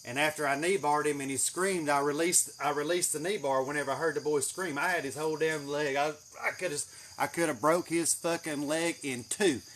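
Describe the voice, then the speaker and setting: A man with a drawl tells a rambling, profane story and throws in swear words freely. His voice sits fairly high for a man. Faint insects chirp behind him in a greenhouse. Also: brisk, slight background noise. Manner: profane, animated, swears heavily. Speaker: channel host. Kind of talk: casual storytelling.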